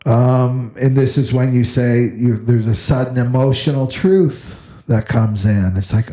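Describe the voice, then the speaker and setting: A man's voice: medium pitch, a little slow, few pauses, dark tone. A man giving an unscripted spiritual astrology talk, repeating phrases and tagging "right?" onto almost every point. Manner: repetitive, asks "right?" constantly. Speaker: astrology teacher.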